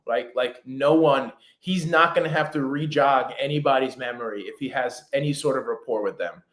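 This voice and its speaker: A man who calls himself a fast talker, a real estate script trainer, chatting casually in an interview with many fillers and restarts. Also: medium pitch, a bit bright. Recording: roomy echo.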